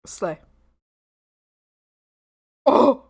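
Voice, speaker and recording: A woman's voice: very slow, a little mellow. A young woman streamer chatting casually, giggling often and swearing freely while she eats. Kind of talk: casual livestream chat.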